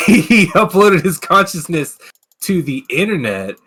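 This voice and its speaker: A man's voice: high voice, sing-song, unhurried, sharp tone, husky. A man hosting a casual gaming podcast, ranting with plenty of swearing and filler words. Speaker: podcast host. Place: streaming setup.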